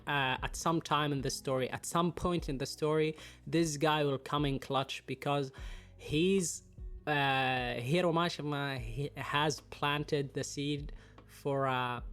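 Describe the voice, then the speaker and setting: Congested guy w the flu rambling about his tier list, lots of uhs, swears a bit, smooth voice, quiet music behind. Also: a little high, fairly even intonation, slow pace. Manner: rambling, many fillers, casual swearing. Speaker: anime and manga commentator. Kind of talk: casual tier-list commentary.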